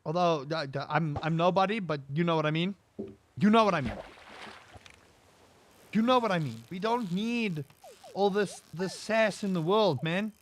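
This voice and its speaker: A man streaming a game while he rants, throwing out rhetorical questions and pushing his voice up high when he gets worked up. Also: normal speed, long pauses, slight background noise. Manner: ranting, piles up rhetorical questions. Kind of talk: casual rant while gaming.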